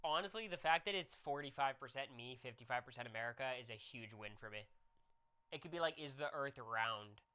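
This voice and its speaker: A young man streaming, chatting casually with viewers and telling a jokey, animated story. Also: mid-range voice, fairly quick, smooth.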